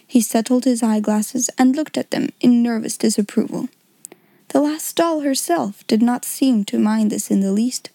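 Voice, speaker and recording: Woman, audiobook narrator; measured reading, slightly high pitch, close dry recording. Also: gravelly, warm tone, no echo. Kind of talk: scripted narration.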